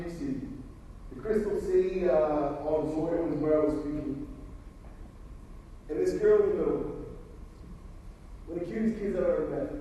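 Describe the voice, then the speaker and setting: A motivational speaker telling personal stories at a school assembly, with emphatic delivery that drops to a hush. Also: male voice, fairly high pitch, slight background noise. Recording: roomy reverb, distant from the mic.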